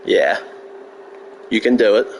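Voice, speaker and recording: A man's voice: on the low side, expressive, takes it slowly, slight background noise. A man live-streaming a video game, trash-talking a troll in chat with heavy profanity and sarcasm. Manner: profane, mocking trash talk.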